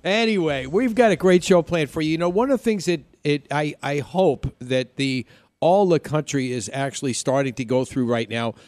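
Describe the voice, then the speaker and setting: A man's voice: fairly high pitch, moderate pace, a little mellow, no room sound. A man with a New York accent hosting a live weekend radio show, upbeat and jokey, chatting loosely with restarts. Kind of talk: casual radio chat.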